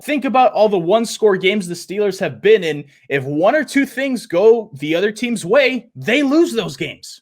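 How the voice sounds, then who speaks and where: A man with a notably high voice rants on his podcast as a frustrated football fan. He talks casually and hammers home each complaint, circling back to the same line again and again. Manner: exasperated, emphatic, repeats points. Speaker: podcast host. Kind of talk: sports fan reaction rant.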